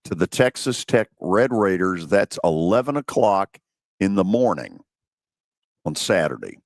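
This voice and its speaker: A man's voice: low-pitched, a little slow, no echo, studio quality. A man hosting a sports radio show, teasing his panel and running the banter. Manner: animated, teasing, drives the banter. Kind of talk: casual sports talk.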